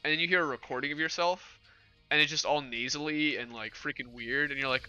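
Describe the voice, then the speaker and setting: Bright-voiced young man chatting on stream. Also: on the high side, brisk, smooth, highs cut off, faint music behind. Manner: relaxed rambling with fillers and laughs. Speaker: livestream host. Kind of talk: casual stream chat with chat readers.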